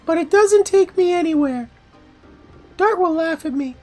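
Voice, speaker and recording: A man voicing an earnest, wistful young woman in a breathy falsetto while reading game dialogue aloud. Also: a little slow, a little mellow, soft background music.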